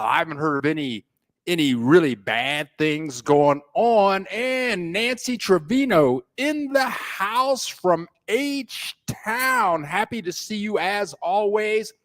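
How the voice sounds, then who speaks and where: The host of a live stream about living abroad, broadcasting from home in a Mexican city, has a fairly high voice. He chats easily and unhurriedly, welcoming every viewer one by one with folksy, playful shout-outs.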